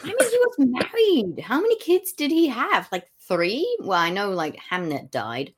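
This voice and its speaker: A woman's voice: a little high, wildly swooping pitch, unhurried, breathy edge. Sweary sarcastic woman podcaster. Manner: sweary, sarcastic, mocks characters in silly voices. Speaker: podcast co-host. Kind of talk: casual podcast chat.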